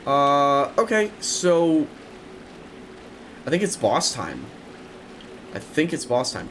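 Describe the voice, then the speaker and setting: A young man commentating his own video game run, excitable and prone to repeating words in rapid bursts. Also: on the high side, slight background noise. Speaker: gaming streamer. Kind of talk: let's play commentary.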